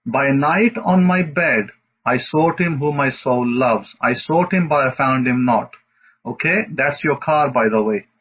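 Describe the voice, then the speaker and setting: Husky-voiced rabbi preaching casually. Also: male voice, medium pitch, measured pace. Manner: conversational, rambling, with fillers and laughs. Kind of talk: informal teaching sermon. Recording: dull lo-fi audio.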